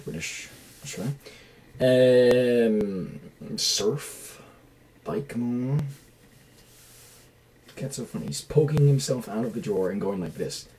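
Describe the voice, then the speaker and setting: A man's voice: fairly low pitch, dark tone, a little hiss or hum, rough recording. A man talking in a rambling, enthusiastic vlog monologue from a small rented room, now and then dropping to a mutter. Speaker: vlogger.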